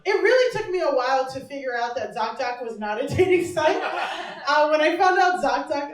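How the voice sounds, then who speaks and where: Far from the mic in an echoey little bar, a woman with a high, expressive voice does stand-up a little fast. Her delivery is brash and chatty, she laughs at her own jokes, and audience laughter fills the room.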